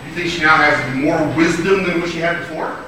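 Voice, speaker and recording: A man telling a story and quizzing children in a lively, questioning way as their church teacher. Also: on the high side, brisk, background noise. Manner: lively and questioning, acts out the characters. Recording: echoey hall, mic far off.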